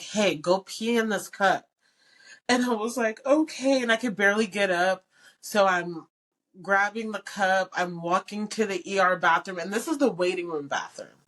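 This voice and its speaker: A young woman hosting a podcast, telling a personal story in casual chat, full of "like" and acted-out quoted dialogue. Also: medium pitch. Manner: candid, animated quoted dialogue, frequent "like". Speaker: podcast host.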